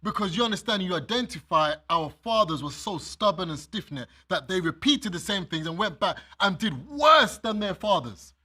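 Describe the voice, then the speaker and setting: A male minister preaching, reading verses of scripture and then speaking straight to the congregation. His voice sits a little high for a man, with a bright, tense edge and a husky grain. He makes his points with everyday examples. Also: expressive, normal speed, hardly any pauses. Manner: reads scripture aloud and explains it to listeners; addresses listeners directly with everyday examples. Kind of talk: sermon.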